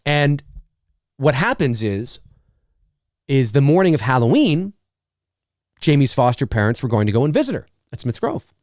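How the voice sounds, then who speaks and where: With a medium-pitched voice in studio-quality audio and no room sound, a middle-aged live-stream host rambles casually and animatedly. He curses freely, responds to viewer comments, and tosses in quickly acted-out asides.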